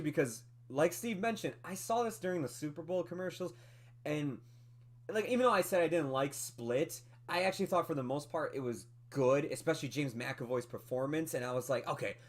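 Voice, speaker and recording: A man co-hosting a movie podcast, talking through a film review in a casual, animated way with lots of fillers and laughs. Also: a little high. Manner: animated, chatty, many fillers, laughs often.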